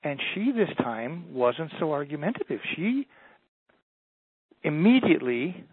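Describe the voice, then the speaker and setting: A man with a slightly high voice tells stories in a folksy, animated way. He is a motivational speaker guesting on a radio interview. His voice comes through a tinny, dry phone line. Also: unhurried, slightly rough, no echo.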